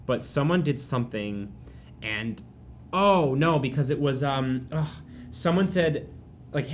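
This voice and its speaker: A man's voice: mid-range voice, lively intonation, unhurried. Guy rambling on a podcast, keeps restarting, laughs a lot, bit of faint noise behind. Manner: rambling, self-interrupting, laughs often. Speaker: podcast co-host. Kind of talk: casual chat.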